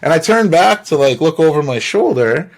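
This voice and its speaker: A man's voice: fairly high pitch, moderate pace. Rambling man telling a story. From Canada. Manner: rambling, animated, swears freely, laughs between phrases. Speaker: podcast host. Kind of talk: casual storytelling monologue.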